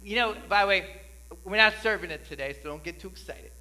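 Male pastor with a New Jersey accent, high bright voice, conversational sermon that builds to emphatic preaching, faint mains hum. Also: fast, poor audio. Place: church sanctuary.

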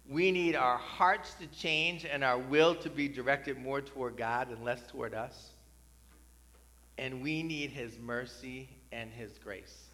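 A male pastor preaching a sermon in a conversational style, building to loud, repeated cries. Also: mid-range voice, long reverb tail.

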